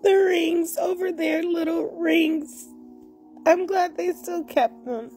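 High-voiced, gushing woman reacting. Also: slow pace, mellow, soft background music. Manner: gushing, exclamatory and emotional, with frequent gasps and laughter. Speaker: reaction vlogger. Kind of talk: watching and reacting to a series episode.

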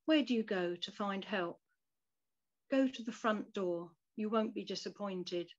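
A woman reading a devotional story and prayer aloud in a soft, measured, reflective way. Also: medium pitch. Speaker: devotional reader. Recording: dull lo-fi recording.

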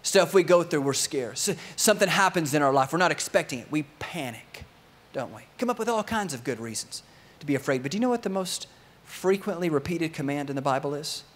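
A man preaching a sermon to his congregation, telling a story with lively energy and sometimes acting out the voices of its characters. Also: fairly high pitch, fairly quick, hardly any pauses. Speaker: pastor.

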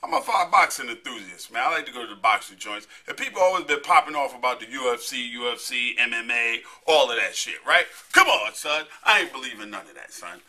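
Brash, animated man ranting in a bright voice. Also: medium pitch, fairly quick, hardly any pauses. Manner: brash, profane, animated, repeats a catchphrase. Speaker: host of comedy promo bit. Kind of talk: comedic promo rant.

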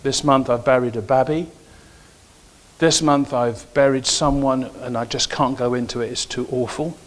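A man's voice: medium pitch, fairly even intonation, normal speed. A middle-aged man preaching a sermon in a church, mixing personal stories with emphatic, rising exhortation. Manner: storytelling, grows emphatic and preachy. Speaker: pastor.

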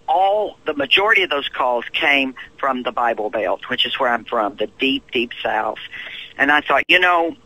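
A man's voice: mid-range voice, moderate pace, low-quality recording. A man in his fifties from Tennessee with a Southern accent, a guest in an interview, telling stories animatedly and acting out other people's voices. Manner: acts out quoted voices with lively swoops.

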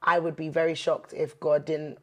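A woman guest in a candid interview, speaking earnestly of faith and healing, turning lively and laughing when she jokes. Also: low voice, moderate pace. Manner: earnest, animated when joking, many fillers. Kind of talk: candid faith-based chat.

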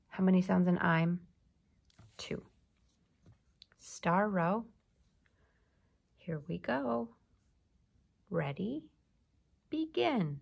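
Slow, gravelly-voiced woman teacher. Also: lowish voice, lively intonation, darkish tone. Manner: slow, patient, drawn-out sounding out of words. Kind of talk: phonics lesson for young children.

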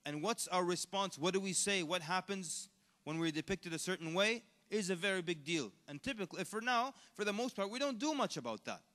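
A man giving a conversational, animated lecture at a convention, asking the audience questions as he goes. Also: sits high, fairly quick. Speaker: Islamic lecturer. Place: large convention hall. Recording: echoey hall.

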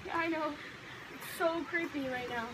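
A woman acting in an amateur horror skit in a backyard at night, panicky, switching between shouting and whispering. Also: sits high, moderate pace. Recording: noisy outdoor home recording.

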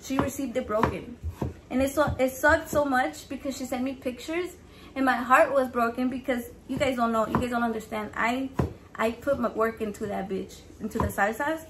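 A woman's voice: a little high, moderate pace, noisy background. A woman chatting casually while she cooks, cursing freely and dropping Spanish words into her English. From Mexican heritage. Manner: profane, animated, switches into Spanish words. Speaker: home cook vlogger. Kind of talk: casual chat while cooking.

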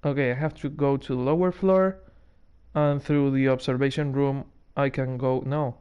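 A man's voice: medium pitch, fairly even intonation, moderate pace, a little mellow, smooth, muffled recording. A man giving sarcastic, nervous commentary while playing a horror game, swearing and laughing when scared. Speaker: gaming streamer. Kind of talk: let's play commentary.

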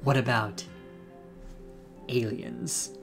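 A man's voice: mid-range voice, fairly even intonation, very slow, creaky, over music. A man voicing a chatty young female cryptid-hunting vlogger in a put-on Southern US accent, breezy and rambling. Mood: folksy.

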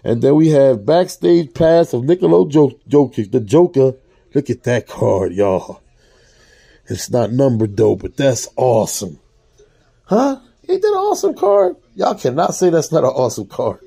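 A man casually reading out trading cards as he opens packs, talking to his viewers in a relaxed, slangy way. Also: mid-range voice, moderate pace, creaky, slightly rough. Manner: reads out card names, casual slangy asides to viewers. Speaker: card-opening vlogger. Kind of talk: casual pack-opening commentary.

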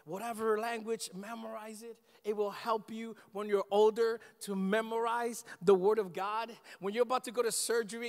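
High-voiced male pastor preaching. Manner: emphatic, addresses congregation directly, slows for scripture reading. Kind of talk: sermon. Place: church sanctuary. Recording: long reverb of a large church hall.

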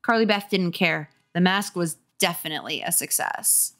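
A woman with a somewhat low voice reads a children's horror book aloud while a little tipsy. She breaks off now and then for wry, joking asides. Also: normal speed, few pauses, a bit bright. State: tipsy from drinking. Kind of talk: comic book reading.

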